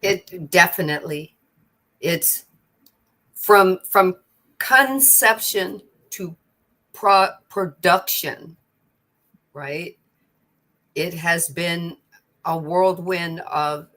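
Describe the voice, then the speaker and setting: A woman's voice: on the low side, extremely slow, pauses often, a bit bright. A woman co-hosting a spiritual study livestream, speaking expressively, repeating words and acting out quotes as she talks. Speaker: co-host. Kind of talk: casual spiritual chat.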